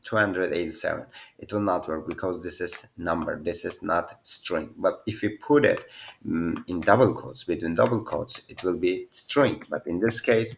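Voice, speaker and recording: In a laid-back screen-share tutorial, a young man goes over programming quiz answers at his computer, his phrasing that of a non-native speaker. He teaches programming in a low, creaky voice that is a bit bright.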